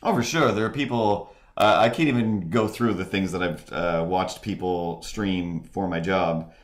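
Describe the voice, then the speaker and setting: A man with a deep, low voice talks casually on his live stream, wandering from thought to thought. He stops and restarts often, padding his sentences with fillers. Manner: rambling, halting, many restarts and fillers; mimics voices in quoted asides. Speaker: streamer and host. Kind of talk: casual rambling stream chat.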